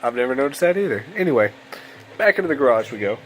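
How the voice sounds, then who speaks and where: A man's voice: mid-range voice, very animated, quick pace, soft background music, low-quality recording. A young man giving casual, rambling gameplay commentary at home late at night, sounding tired and yawning. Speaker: let's play host. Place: home room at a computer.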